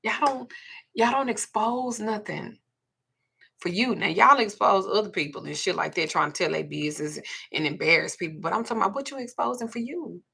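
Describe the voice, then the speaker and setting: Blunt, husky woman with a gravelly low voice. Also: brisk, bright, forceful tone. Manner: blunt and profane, retelling a client's story. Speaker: spiritual healer and host. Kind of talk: livestream talk.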